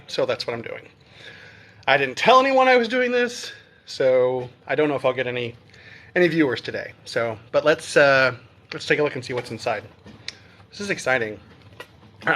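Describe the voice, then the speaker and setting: Bright, chatty man on a live unboxing. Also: mid-range voice. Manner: chatty and upbeat, thinking aloud with fillers. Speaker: live streamer unboxing a collectible box. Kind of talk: casual live-stream chat.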